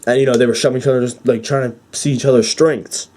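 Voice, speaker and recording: A young man giving an excited, rambling fan recap with many fillers and restarts. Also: medium pitch, fast talker, a little hiss or hum. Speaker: wrestling fan vlogger.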